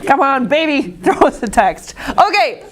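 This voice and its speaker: A woman's voice: high voice, sing-song, moderate pace, a crowd in the background. A woman teaching a history class in a classroom, chatty and joking, acting out quoted voices. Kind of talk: casual classroom lecture.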